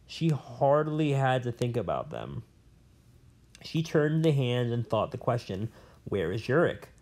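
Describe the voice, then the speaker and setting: A man's voice: mid-range voice, big pitch swings, measured pace, darkish tone. A man reading a novel aloud in a plain way, with small slips and restarts. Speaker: reader.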